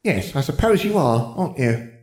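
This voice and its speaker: A man's voice: medium pitch, sing-song, moderate pace, darkish tone, echoey room, pitched above the performer's own voice, lightly acted. A man voicing an old, sly magical talking hat with a musing, teasing manner.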